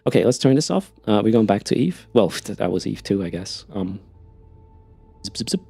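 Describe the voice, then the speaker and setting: A man's voice: lowish voice, expressive, brisk, gravelly, warm tone, slightly rough, faint music behind. A man with a Swiss German accent chatting casually with his live-stream audience while playing, often repeating words as he starts a sentence. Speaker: game streamer.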